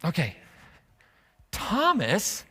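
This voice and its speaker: A man preaches to his congregation with a bright, forward tone that rides a little above the usual male pitch. He talks loosely and conversationally, tossing in asides and questions to the room as he tells the story. The sanctuary adds a long, ringing reverb to every phrase. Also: huge pitch swings, extremely slow, slightly rough. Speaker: pastor. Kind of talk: sermon. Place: church sanctuary.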